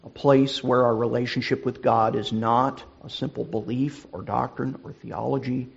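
A middle-aged male pastor with a husky voice, preaching a sermon in an earnest, deliberate way. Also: mid-range voice, fairly even intonation, highs cut off.

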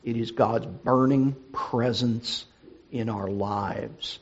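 A middle-aged male pastor with a husky voice, preaching a sermon in an earnest, deliberate way. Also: mid-range voice, steady tone, muffled recording.

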